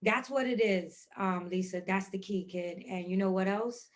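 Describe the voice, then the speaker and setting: A woman's voice: medium pitch, normal speed. A woman in casual podcast chat, emotional and emphatic, repeating words of praise and encouragement. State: moved, emotional. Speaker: podcast co-host.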